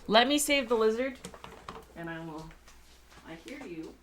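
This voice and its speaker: Against a noisy background, a Canadian woman with a slightly high, lively voice chats at an unhurried pace while sculpting on a livestream. She reads viewer messages aloud, discusses her craft, and plays the part of her lizard.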